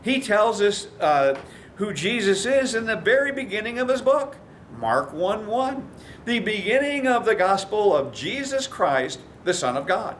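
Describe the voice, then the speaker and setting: A man's voice: sits high, sing-song, measured pace, fairly bright tone, slight background noise. A man preaching a sermon as a pastor, telling stories and acting out the quoted voices. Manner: storytelling, acts out quoted voices.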